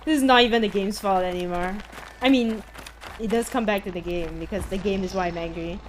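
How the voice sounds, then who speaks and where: A woman's voice: medium pitch, a little fast, noisy background. A young woman streaming a video game, venting her frustration in casual chat with her viewers. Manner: exasperated, venting, chatty with viewers. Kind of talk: casual live-stream commentary.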